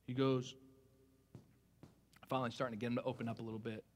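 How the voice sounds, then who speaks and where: A young man preaching a sermon in a casual, conversational way, retelling a story with lots of fillers and a hushed voice for the quoted dialogue. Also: medium pitch, fairly even intonation, fast talker, pauses often, a little hiss or hum. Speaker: pastor.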